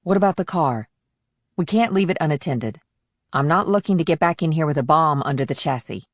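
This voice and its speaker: A man voicing a tense, sharp-tongued woman federal agent in an audiobook thriller, with clipped, alert questions. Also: a little high, lively intonation, brisk, no room sound, clean studio sound, voice pushed up. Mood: wary.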